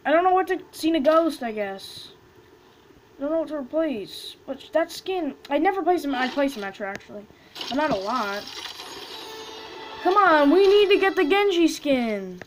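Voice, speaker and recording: A woman casually commenting as she opens loot boxes in a video game, excitable and quick to chant names and squeal over items. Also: sits high, slight background noise, rough recording. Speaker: gaming video host.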